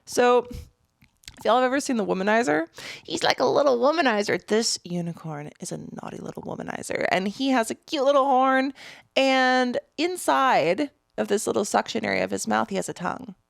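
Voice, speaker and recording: A woman's voice: fairly high pitch, normal speed, creaky, no room sound, clean studio sound. A woman in her thirties hosting a solo podcast, chatting and laughing to herself as she unboxes products in a small room. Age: 30s. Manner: giggly, animated, talks to herself. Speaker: podcast host.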